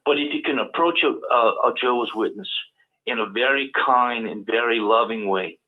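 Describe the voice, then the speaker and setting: A man with a Cajun Southern accent, a guest on a call-in show, talking in halting bursts full of repeated words. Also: mid-range voice. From Louisiana, US South. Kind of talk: casual call-in talk. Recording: tinny phone-line audio.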